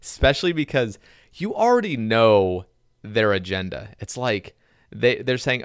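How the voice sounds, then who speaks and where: A man hosting a casual gaming podcast, talking in a relaxed, rambling way. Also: mid-range voice, measured pace, clear, resonant tone, no room sound, studio quality. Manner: relaxed, rambling with many "like" fillers. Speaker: podcast host.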